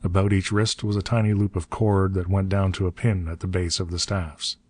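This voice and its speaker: Deep-voiced male audiobook narrator. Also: little pitch movement, brisk, darkish tone, no echo. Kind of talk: audiobook narration of pulp adventure.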